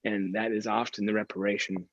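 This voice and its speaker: A man's voice: fairly low pitch, little pitch movement, a little fast, no room sound, lo-fi sound. A man, a pastor, teaching a Bible study in a conversational storytelling way.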